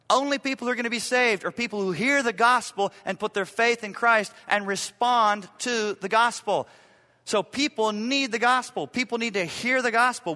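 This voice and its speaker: A man preaching a sermon as pastor, emphatic, repeating key lines and swinging from loud to hushed. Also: high voice, big-room sound.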